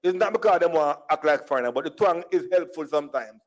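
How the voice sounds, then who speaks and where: A man's voice: on the high side, expressive, fast talker. A man from Jamaica with a Jamaican accent, giving a humorous storytelling speech at a conference and slipping between standard English and Jamaican Creole phrasing. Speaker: conference speaker. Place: conference hall.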